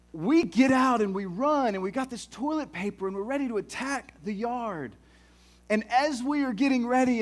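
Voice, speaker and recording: A middle-aged man, preaching a sermon in a folksy, animated storytelling way with many restarts. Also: on the high side. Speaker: pastor.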